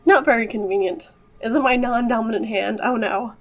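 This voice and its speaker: A woman hosts a gaming video, reading the game's text aloud and breaking off for playful, chatty, joking asides. Her voice is a little high and a little fast, and it sounds slightly off, as if she's recently had a cold; the audio is dull.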